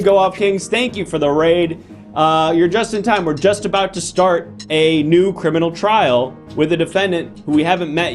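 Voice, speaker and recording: Brief: exasperated comic host playing judge, slightly high voice, music under him. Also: male voice. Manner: playful, exasperated, quick asides. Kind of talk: live improv comedy stream.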